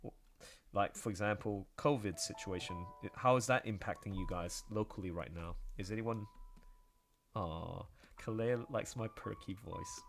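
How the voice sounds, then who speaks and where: A man's voice: on the low side, moderate pace, vocal fry, faint music behind. A man talking casually on a livestream while drawing, rambling and chatty. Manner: rambling and chatty, full of fillers and asides. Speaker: artist streaming while drawing.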